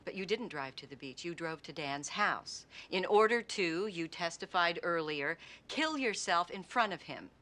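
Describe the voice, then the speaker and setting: Relentless, bright-voiced prosecutor. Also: female voice, lowish voice, expressive, moderate pace, few pauses. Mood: probing. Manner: probing, pointed cross-examination. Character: sharp, relentless female prosecutor. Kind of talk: TV movie courtroom drama.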